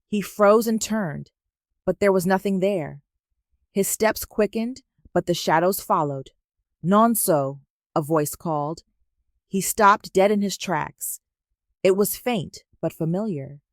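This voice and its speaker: A woman telling a folktale at a slow, measured pace in a lowish voice. The recording is close and dry, with no room sound. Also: no echo. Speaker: narrator. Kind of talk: storytelling narration of a folktale.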